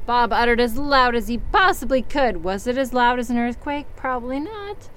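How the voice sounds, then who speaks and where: A woman's voice: on the high side, animated, normal speed, few pauses, a bit bright, slight background noise. A young woman reading a story aloud and mocking it with sarcastic, swearing asides. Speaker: story reader.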